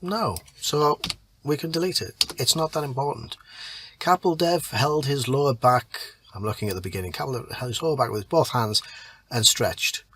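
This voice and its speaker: A man in a writing lesson reads a story draft aloud, then reworks it line by line. His pitch sits in a middle range, and he often stops to weigh his words. The clatter of keyboard typing comes through clearly behind him. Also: fairly bright tone, slight background noise. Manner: thinks aloud while rewriting, pausing over words. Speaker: writing teacher. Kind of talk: reading a draft aloud and editing it.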